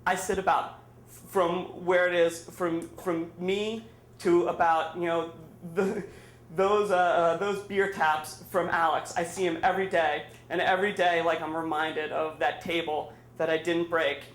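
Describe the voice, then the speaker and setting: High-voiced man rambling through a story. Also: little pitch movement, unhurried, a bit bright, slight background noise. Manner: rambling and filler-heavy, self-mocking humor. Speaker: storyteller at a live story slam. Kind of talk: live personal storytelling. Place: bar hosting a live storytelling night. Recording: echoey room with faint ambience.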